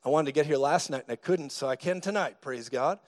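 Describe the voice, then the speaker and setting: A male preacher in a church meeting, delivering his sermon as lively storytelling. His voice sits a touch higher than most men's, and he jokes with the crowd before breaking into sudden loud bursts. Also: brisk.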